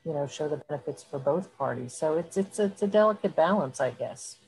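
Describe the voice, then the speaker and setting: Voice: medium pitch, expressive, fairly quick, a little mellow, soft background music, low-quality recording. Hesitant speaker full of fillers. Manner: hesitant, filler-heavy, self-deprecating. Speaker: meeting participant. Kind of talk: casual chat.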